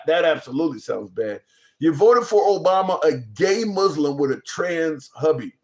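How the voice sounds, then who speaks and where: A man hosting a live political stream, reading chat comments and reacting bluntly, incredulous and swearing freely. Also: a little high. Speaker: political talk stream host.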